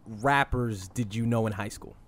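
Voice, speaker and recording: A man's voice: on the low side, moderate pace, no room sound. A man co-hosting a podcast, teasing his partner in a dry, sarcastic way. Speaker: podcast co-host. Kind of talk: casual podcast banter.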